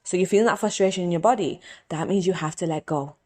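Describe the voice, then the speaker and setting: Earnest woman coach, slightly low voice. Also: quick pace. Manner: earnest, repetitive, softly emotional when praying aloud. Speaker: hypnotist and coach. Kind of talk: motivational talk.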